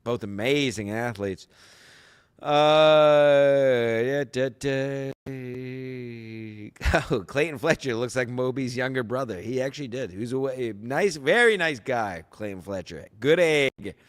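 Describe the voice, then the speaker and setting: A man's voice: medium pitch, slow pace, smooth, in a large hall. A man hosting a podcast in casual solo chat, rambling, sarcastic and profane. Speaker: podcast host.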